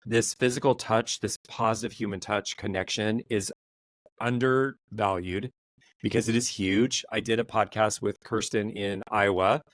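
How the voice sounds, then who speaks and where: A man's voice: on the low side, fairly even intonation, unhurried, fairly bright tone, no room sound. A man hosting a podcast, chatting casually and animatedly in long run-on thoughts. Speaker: podcast host. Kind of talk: casual chat.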